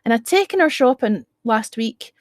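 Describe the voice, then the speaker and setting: A woman's voice: a little high, animated, moderate pace, no room sound, studio quality. A woman hosting a casual live-stream chat, blunt and outspoken and swearing freely.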